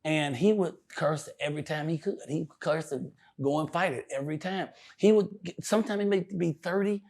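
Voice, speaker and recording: Older male comedian as interview guest: gravelly, a bit high-pitched, animated, profane, laughs a lot. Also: moderate pace. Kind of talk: casual interview storytelling.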